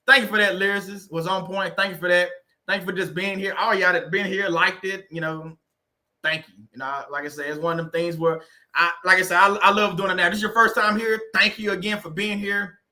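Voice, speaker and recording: A man's voice: high-pitched, steady tone, brisk, sharp tone. A man hosting a casual livestream, laughing often and reading viewers' comments aloud. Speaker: livestream host.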